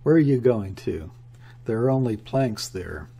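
A man's voice: mid-range voice, animated, a little slow, vocal fry, mellow, a little hiss or hum. A man voicing a stern, impatient naval officer who talks in curt commands, in an audiobook reading.

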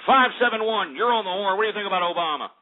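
A man's voice: sits high, expressive, rapid-fire. A man hosting a call-in radio talk show, ranting and swearing in exasperation. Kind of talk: angry call-in show rant. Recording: tinny phone-quality internet radio with music.

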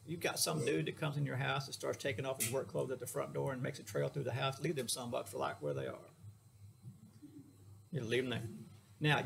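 A man's voice: fairly high pitch, creaky, a little hiss or hum. A middle-aged man, a therapist, giving a casual lecture in a folksy, joking way, speaking straight to his listeners.

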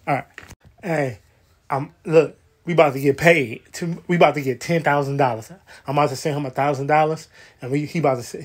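Slangy man acting out a comedy skit. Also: fairly high pitch. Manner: repetitive, colloquial slang delivery.

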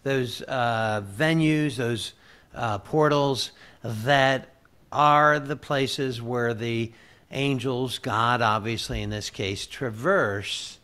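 A man hosting an interview, speaking in a measured way and pausing to search for the right word. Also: mid-range voice, bright, forceful tone, clear, resonant tone. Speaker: interview host. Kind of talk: conversational interview.

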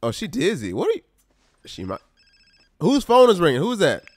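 At a moderate pace and with no echo, a high-sitting male voice delivers casual let's-play commentary on a life-simulation game. The gaming YouTuber sounds animated and exasperated, speaking directly to his audience and calling them "y'all."

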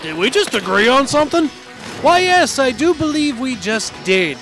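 A man's voice: very high voice, big pitch swings, moderate pace, full character voice. A man voicing a belligerent old-timer monster hunter in comedic gameplay commentary, folksy and grumbling. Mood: cranky. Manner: folksy grumbling, cries dadgummit. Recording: game music under voice. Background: video game music.

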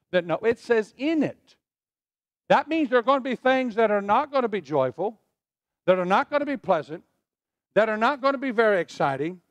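Male pastor, middle-aged, high animated delivery, call-and-response sermon, dry close sound. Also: no echo. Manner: preaching with call-and-response to the congregation. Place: church sanctuary.

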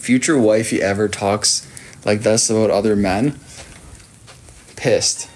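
A man's voice: on the low side, steady tone, takes it slowly, slight background noise. A man in his thirties with an Australian accent, chatting casually and teasing his viewers as he reads their messages on a late-night livestream. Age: 30s. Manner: playful, teasing, reads chat aloud.

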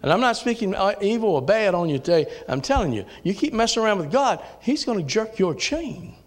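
A man with a Southern US accent preaching a sermon in a church, folksy, dropping to low asides and rising to shouted calls. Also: sing-song, a little fast. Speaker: pastor. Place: church sanctuary.

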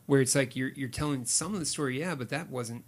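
A man's voice: medium pitch, fairly quick. A man co-hosting a film podcast in casual, rambling chat. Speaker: podcast co-host.

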